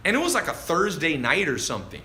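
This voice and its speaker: A man coaching viewers on a casual livestream, animated and chatty, calling people dude and man as he answers their questions. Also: fairly high pitch, fast talker, a little hiss or hum. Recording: roomy echo with faint ambience.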